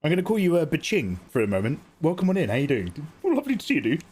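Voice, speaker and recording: Chatty streamer man with a lively voice. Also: a little high, very fast, slightly rough. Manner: chatty, greets viewers, jokey. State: frequently clearing his throat. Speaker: livestreaming artist. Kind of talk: casual live-stream chat.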